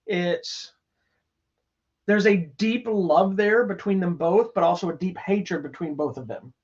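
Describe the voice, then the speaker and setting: A man's voice: sits high, measured pace. A man co-hosting a podcast, chatting casually and enthusiastically, rambling with restarts. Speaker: podcast co-host reviewing movies. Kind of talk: casual chat. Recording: slightly dull lo-fi sound.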